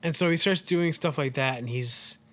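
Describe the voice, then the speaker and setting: A man's voice: on the high side, normal speed, bright, forceful tone. A man co-hosting a casual podcast, retelling a film in a rambling way with acted-out lines and some swearing. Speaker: podcast co-host. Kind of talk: casual film recap chat.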